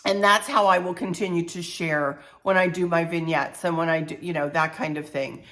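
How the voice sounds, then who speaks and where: An older woman with a head cold, talking to camera about her home decor channel in an unhurried, heartfelt, chatty way. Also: lowish voice, steady tone, a bit bright. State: stuffy-nosed with a cold. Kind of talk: casual heartfelt talk to camera.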